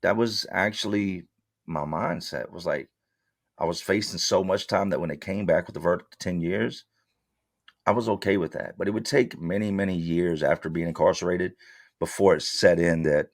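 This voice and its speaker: A man with a very low voice tells his story bluntly, using street slang and replaying old exchanges in his own words. The sound is close and dry, with no room echo at all. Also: moderate pace, vocal fry. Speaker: interview guest. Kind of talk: candid storytelling.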